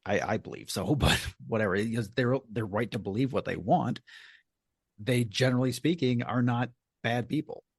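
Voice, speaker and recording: Gravelly husky podcast dude, kinda hesitant, lots of ums. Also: male voice, mid-range voice, normal speed, dry recording, clean studio sound. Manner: hesitant, many ums and stammered starts. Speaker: podcast co-host. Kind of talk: casual chat.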